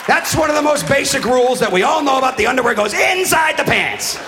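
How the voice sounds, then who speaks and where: A middle-aged man doing a stand-up comedy routine, ranting with profanity and building to shouted outbursts. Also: very high voice, lively intonation, a little fast. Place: live comedy venue with an audience. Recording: live stage recording with faint crowd and noise.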